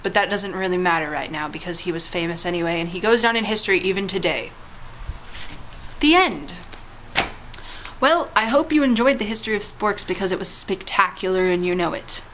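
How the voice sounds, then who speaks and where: A woman's voice: lowish voice, expressive, fairly quick, a bit bright, slight background noise, low-quality recording. A woman vlogging casually, telling a mock history tale in a playful, teasing way with big dramatic swoops.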